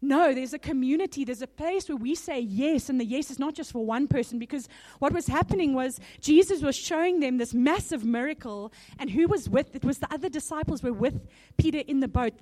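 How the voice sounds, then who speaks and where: A woman with a slightly higher voice delivers a sermon. She talks to the congregation conversationally and earnestly, with light laughs between her points. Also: lively intonation, fairly quick, few pauses, darkish tone. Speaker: preacher.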